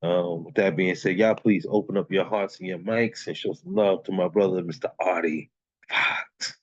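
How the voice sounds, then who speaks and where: A man with a very low voice hosts an online open mic, keeping the banter relaxed and encouraging as he calls up performers. The sound is dry and muffled, like lo-fi call audio. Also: normal speed, husky, no echo.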